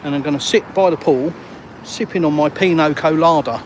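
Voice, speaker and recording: A man's voice: on the high side, moderate pace. A man chatting and joking with viewers while live-streaming on a walk outdoors. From England. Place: outdoors on a city street. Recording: outdoor street traffic noise.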